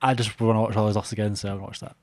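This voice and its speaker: Teasing podcast co-host. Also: male voice, fairly low pitch, little pitch movement, very fast, a little mellow, dry recording, clean studio sound. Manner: teasing, laid-back. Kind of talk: casual chat.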